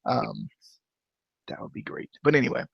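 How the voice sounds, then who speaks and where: A man's voice: mid-range voice, moderate pace, vocal fry, slightly rough, dry recording, dull audio. A man hosting a casual wrestling review podcast, rambling with lots of fillers, restarts and laughter. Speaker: podcast host.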